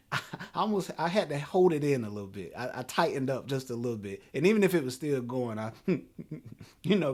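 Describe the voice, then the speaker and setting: A man in his thirties hosting a talk show, telling a story in an animated, laughing way. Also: mid-range voice. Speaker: podcast host.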